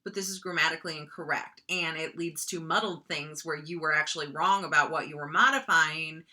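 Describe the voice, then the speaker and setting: A woman's voice: deep voice, fairly even intonation, brisk, bright, forceful tone. A young woman from North Dakota, teaching writing in a casual lecture, full of ums and likes. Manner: chatty, frequent ums and likes, mock voices for examples.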